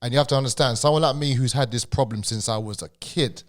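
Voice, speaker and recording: Man with a stammer, casual. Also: medium pitch. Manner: halting, repeats words, casual slang. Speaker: podcast guest and DJ. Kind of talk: casual podcast chat.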